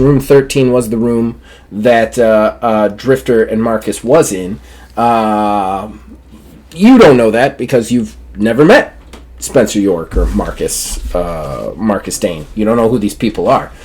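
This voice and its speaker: A man's voice: medium pitch, lively intonation, a little slow, darkish tone. Rambling male game master. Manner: rambling with many fillers and restarts. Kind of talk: narrating a tabletop game.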